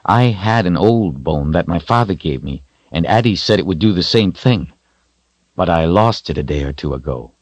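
A man's voice: deep voice, moderate pace, no echo, low-quality recording. A man voicing a nervous, easily startled young man. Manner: nervous, excitable.

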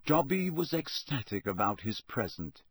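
Husky male audiobook narrator. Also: medium pitch, no echo. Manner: steady, measured storytelling. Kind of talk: scripted narration.

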